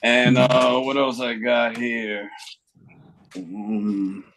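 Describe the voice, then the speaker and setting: A man's voice: mid-range voice, level tone, extremely slow, fairly bright tone. A man co-hosting a casual video call chat, easygoing, with brief reactions and frequent laughs.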